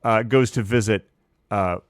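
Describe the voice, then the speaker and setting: A man co-hosting a comedy podcast, talking in a deadpan, confidently wrong way as he riffs on absurd ideas. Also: fairly low pitch, unhurried, dry recording, studio quality. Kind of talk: improvised comedic banter.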